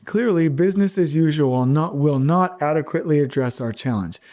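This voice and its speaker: A man's voice: on the high side, lively intonation, normal speed, darkish tone. A man in his forties hosting a podcast, blunt and combative, repeating his points for emphasis. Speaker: podcast host. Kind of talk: fired-up podcast rant.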